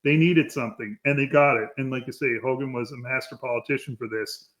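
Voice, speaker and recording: A man's voice: mid-range voice, fairly even intonation, brisk, fairly bright tone. Chatty man co-hosting a podcast. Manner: rambling, many fillers, laughs while telling stories. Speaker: podcast co-host. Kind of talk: casual wrestling history chat.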